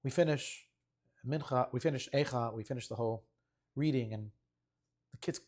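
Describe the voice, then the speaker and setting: A man's voice: medium pitch, normal speed, darkish tone. A man, a rabbi giving an earnest storytelling sermon. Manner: earnest storyteller who acts out voices of children.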